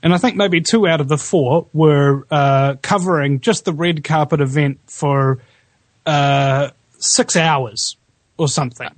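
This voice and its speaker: A man with a New Zealand accent hosting a talk radio show, chatting casually with lively pitch jumps and frequent ums, recorded on a studio microphone at home. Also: measured pace, dry recording. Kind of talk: casual chat. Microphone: studio USB microphone.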